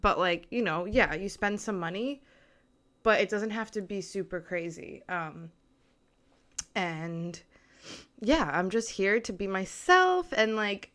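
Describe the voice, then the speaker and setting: A woman's voice: medium pitch, expressive, takes it slowly, fairly bright tone. A young woman hosting her own podcast from a small apartment, chatting nervously and rambling with lots of filler words. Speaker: podcast host. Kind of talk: casual solo podcast chat. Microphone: mic with camera on tripod.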